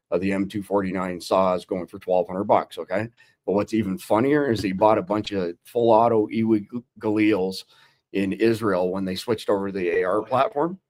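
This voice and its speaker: A man hosting a casual podcast discussion, making his points in a steady, matter-of-fact way. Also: low-pitched. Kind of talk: casual talk-show discussion.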